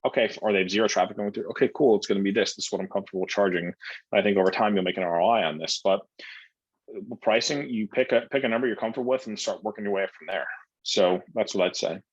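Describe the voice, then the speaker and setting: Blunt husky-voiced man coaching on copywriting. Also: lowish voice, quick pace, no room sound, highs cut off. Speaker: copywriting coach answering student questions. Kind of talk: casual Q&A coaching talk.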